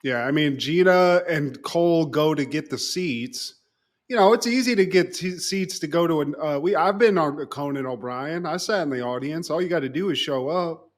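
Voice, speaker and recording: A man's voice: on the high side, moderate pace. A man co-hosting a podcast, casually recapping an episode and acting out the characters' lines with salty language. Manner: animated, acts out quoted lines with profanity. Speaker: podcast co-host.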